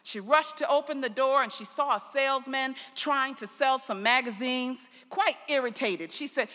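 An older woman pastor preaching a sermon, telling stories slowly and deliberately, her phrase endings trailing off softly. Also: high-pitched. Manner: slow, deliberate storytelling with soft trailing endings. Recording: long reverb of a large hall.

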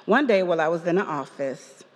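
A woman's voice: on the low side, expressive, a little fast, long reverb tail. A woman giving a personal testimony at a church service, telling a story with quoted voices and laughter. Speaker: parishioner giving a reflection.

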